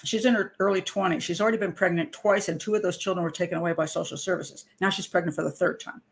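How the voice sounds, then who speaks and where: A woman who profiles criminals and hosts a show tells a story in a relaxed, chatty way, laughing often and acting out quotes. She talks fast in a lowish voice with fairly even intonation.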